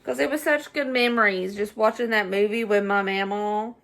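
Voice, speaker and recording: A woman's voice: mid-range voice, steady tone, normal speed, a bit bright. A middle-aged woman with a Southern US accent, chatting nostalgically through a casual home cooking vlog and laughing often. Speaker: cooking vlogger.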